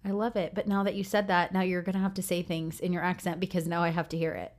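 A woman in her thirties with a Midwestern American accent, co-hosting a casual podcast in a chatty, animated way. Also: lowish voice, fast. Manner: chatty, animated storyteller with frequent "like". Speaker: podcast co-host.

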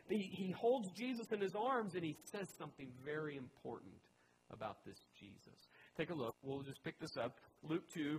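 A man's voice: a little high, a little hiss or hum, low-quality recording. A man preaching a teaching sermon in a chatty way, with joking asides to his listeners. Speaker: pastor.

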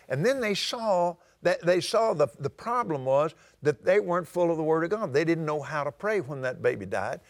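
Folksy older preacher with a high voice. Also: male voice, vocal fry. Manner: folksy preaching, rising to shouts. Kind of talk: sermon.

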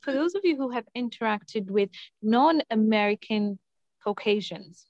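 A woman's voice: a little high, lively intonation, a little slow, a little mellow, muffled recording, a little hiss or hum. A woman hosting a podcast, asking probing questions in a casual discussion. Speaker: host.

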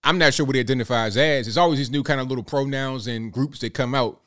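A man's voice: mid-range voice, fast, fairly bright tone. A young man hosting a reaction commentary, talking bluntly and repeating himself in a conversational way. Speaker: commentary host.

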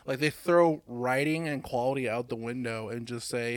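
Animated, profane man in casual chat. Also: medium pitch, moderate pace, dry recording. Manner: animated and profane, laughs often; slips into mocking voices to make a point.

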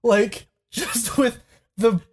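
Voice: mid-range voice, extremely slow, slightly rough. Profane laughing young storyteller. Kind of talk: casual storytelling.

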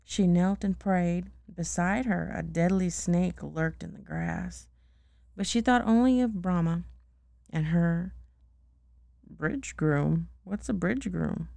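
A mother reading a bedtime story aloud to her child, gently and unhurried, with chatty asides. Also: fairly low pitch, vocal fry, no room sound.

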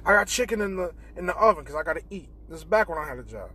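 Young male podcast host, casual profane storyteller, slightly high voice, acts out quoted lines, faint background hum. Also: rapid-fire. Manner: profane, animated retelling with quoted dialogue. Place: in a car.

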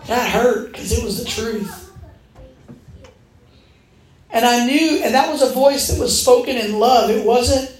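A woman's voice: a little high, unhurried, long pauses. A woman preaching a sermon, telling stories and acting out the voices in them. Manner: animated storytelling, acting out quoted voices. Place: church hall. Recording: echoey room.

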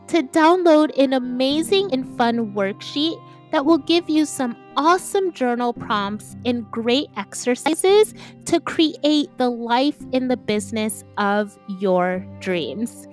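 A woman's voice: high voice, expressive, slow pace, soft background music. A woman podcast host giving an upbeat, enthusiastic, motivational introduction.

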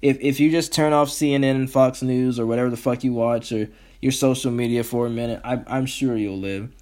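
A man's voice: mid-range voice, steady tone, a little fast, a little mellow. A man hosting his own podcast, ranting in a heated, profane, rambling way. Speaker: podcast host. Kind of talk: solo podcast rant.

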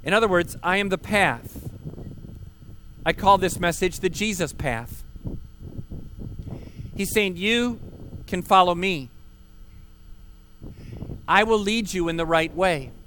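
Man, pastor, outdoor sermon, emphatic, rhetorical questions, slightly high voice, faint background ambience. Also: slow pace, long pauses, a bit bright, a little hiss or hum. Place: outdoor park service.

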